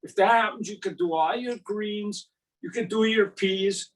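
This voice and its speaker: An older man tells his stories with exuberant energy, punching them up with big sound effects. His voice sits high and he takes his time, and the mic is set some distance away. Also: a little slow. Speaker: gardening speaker. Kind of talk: storytelling gardening talk.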